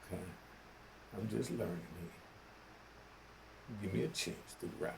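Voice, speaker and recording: A man's voice: on the low side, slow pace, vocal fry, background noise. An older man from New York giving casual commentary, talking in preachy street slang and often asking "you know what I mean?". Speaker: vlogger.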